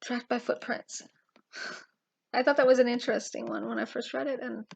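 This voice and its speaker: A woman giving an informal, impassioned Bible teaching, emphatic and full of pauses and restarts. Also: on the high side, gravelly, a bit bright. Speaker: Christian teacher.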